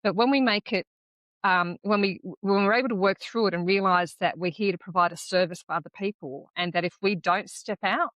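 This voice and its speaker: A woman's voice: mid-range voice, fairly quick, fairly bright tone, no room sound. An Australian woman hosting a podcast, chatting casually and encouraging her guest with short affirmations. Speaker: podcast host. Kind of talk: casual conversational interview.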